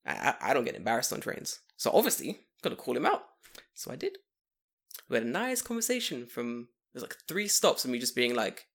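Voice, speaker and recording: A young man telling a long story in casual chat, profane and animated, acting out what people said. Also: mid-range voice, brisk. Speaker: podcast co-host telling a story.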